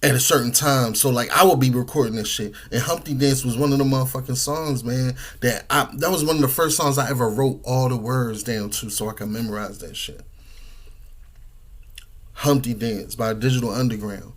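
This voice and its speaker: A man's voice: mid-range voice, normal speed. A man, talking casually and profanely with lots of slang, eating while he talks. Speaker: podcast host. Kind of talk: casual monologue.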